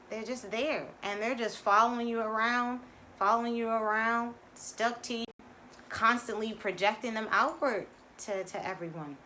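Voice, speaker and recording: A coach hosts a live-streamed spiritual talk, speaking straight to her viewers and hammering home points by repeating them. Her voice is fairly high and bright with a forceful tone, and a faint hiss or hum sits underneath.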